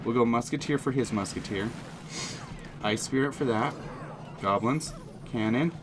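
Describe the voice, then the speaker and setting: A man giving excited, jokey running commentary on his own mobile game, talking straight to his viewers. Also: mid-range voice, normal speed, noisy background. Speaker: gaming channel host. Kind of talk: live gameplay commentary.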